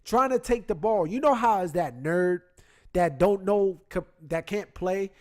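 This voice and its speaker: A man hosting a casual sports chat, talking into his computer, retelling the game in animated, slangy detail. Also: high-pitched, measured pace. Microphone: computer mic.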